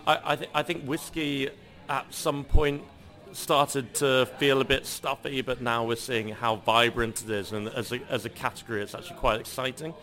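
Male shop owner, bright timbre, eager, restart-heavy answers. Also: mid-range voice, fairly even intonation, moderate pace, soft background music. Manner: enthusiastic, stammering restarts. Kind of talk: interview answers.

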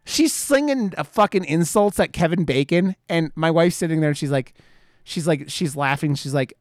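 A man's voice: a little high, normal speed, no room sound, studio quality. A man in his thirties chatting casually, rambling with lots of fillers and frequent swearing. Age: 30s. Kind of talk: casual chat.

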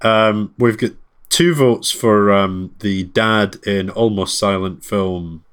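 A man's voice: fairly low pitch, slow, a bit bright, clear, resonant tone. A man co-hosting a casual podcast chat, joking and reading lists aloud with dry asides. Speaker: podcast co-host.

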